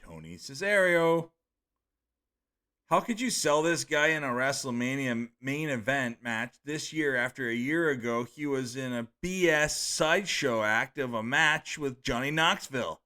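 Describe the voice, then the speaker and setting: A man hosts a live stream, reading viewer comments aloud and reacting in a loose, offhand way. His voice sits in an ordinary middle pitch, and he swears freely and trips over unfamiliar names as he goes. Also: a little slow, pushed and bright. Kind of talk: casual live-stream chat.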